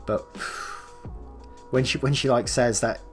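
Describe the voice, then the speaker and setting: A man's voice: medium pitch, fairly even intonation, takes it slowly, soft background music. A man narrating an online story expressively, with chatty asides to his viewers. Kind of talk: online story reading and casual commentary.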